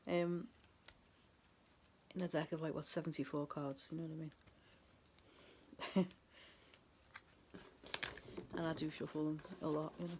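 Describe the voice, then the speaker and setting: A woman's voice: sits low, level tone, a little slow, long pauses, dark tone, a little hiss or hum. A woman doing a casual tarot reading to camera, chatty and rambling. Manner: chatty and rambling, laughs at herself. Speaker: tarot reader.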